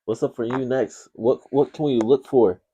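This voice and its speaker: A male podcast host doing a casual interview, relaxed, who backs up his guest with short replies. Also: mid-range voice, moderate pace, husky.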